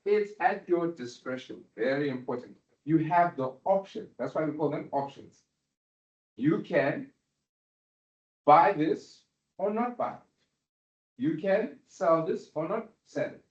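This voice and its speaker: A man's voice: on the high side, darkish tone, dull audio. Man lecturing in a roomy hall. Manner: questioning, checks understanding often. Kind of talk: university lecture. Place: lecture room.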